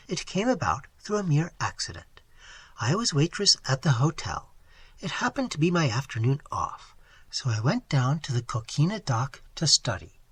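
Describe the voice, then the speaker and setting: A reader voicing a bright, earnest young waitress. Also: male voice, a little high, husky, heavily acted. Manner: lively, matter-of-fact storytelling. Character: earnest young woman waitress telling a tale.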